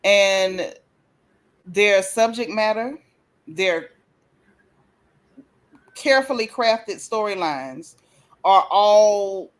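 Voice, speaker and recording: A woman hosting a casual gossip chat, speaking in a relaxed, encouraging way. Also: mid-range voice, drawn-out words, long pauses. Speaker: host.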